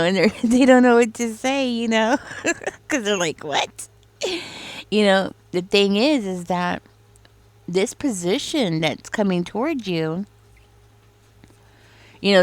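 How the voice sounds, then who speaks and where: Lower-pitched woman giving a tarot reading, rambling. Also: clear, resonant tone, no echo. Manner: rambling, many fillers, acts out others' reactions. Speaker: tarot reader. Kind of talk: casual spoken tarot reading.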